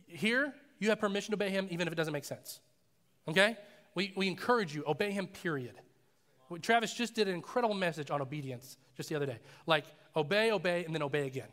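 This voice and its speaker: A man's voice: high voice, fast talker. Man preaching casually in a reverberant hall. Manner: casual, animated storytelling with acted voices. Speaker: pastor. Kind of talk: sermon. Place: church sanctuary.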